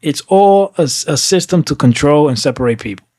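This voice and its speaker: A man's voice: on the high side, lively intonation, brisk, warm tone, no echo, clean studio sound. A man in casual podcast conversation, talking emphatically and often checking in with "right?", sometimes slipping into Spanish. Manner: switches into Spanish at times.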